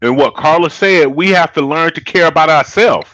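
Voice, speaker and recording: A man's voice: fairly high pitch, normal speed, fairly bright tone, no echo, muffled recording. A man co-hosting a casual chat show, talking emphatically in a preachy way and calling his listeners y'all. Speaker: co-host.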